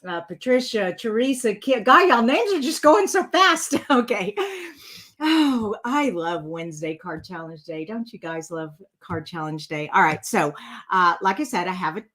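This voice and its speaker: A woman's voice: mid-range voice, animated, normal speed. Chatty woman streaming. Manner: chatty, warm to viewers, rambling with many fillers. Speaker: card-making channel host. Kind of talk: casual live-stream chat.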